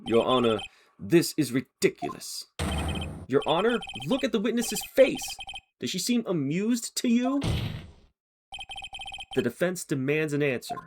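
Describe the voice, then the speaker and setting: A man's voice: on the high side, sing-song, measured pace, long pauses, noisy background, pitched above the performer's own voice. A man voicing an earnest young defense lawyer who presses the witness emphatically. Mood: pressing. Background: game music.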